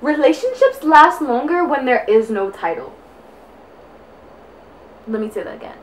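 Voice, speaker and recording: A woman's voice: high-pitched, big pitch swings, unhurried, a little hiss or hum. A young woman vlogging in casual chat while getting ready, out of breath and rambling with constant fillers. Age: young adult. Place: indoors at home, getting ready.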